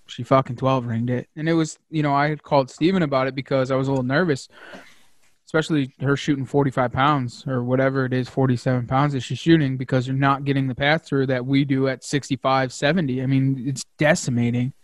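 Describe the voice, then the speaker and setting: A man hosting a casual hunting podcast, talking excitedly with lots of fillers and the odd curse word. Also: mid-range voice, a little fast, dry recording. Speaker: podcast host.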